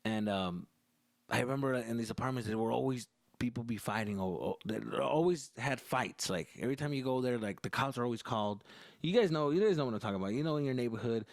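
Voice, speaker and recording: Gravelly profane comedian riffing. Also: male voice, medium pitch, fast talker, no echo, clean studio sound. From Arizona. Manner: profane, animated storytelling. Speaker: comedian and podcast host. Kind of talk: casual comedic monologue.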